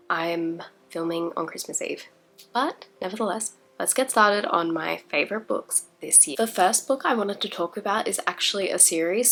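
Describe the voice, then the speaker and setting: A woman's voice: fairly low pitch, fairly bright tone. Congested young woman vlogging hesitantly. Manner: hesitant, many fillers, self-conscious. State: congested from illness. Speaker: indie author and book vlogger. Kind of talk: casual book vlog.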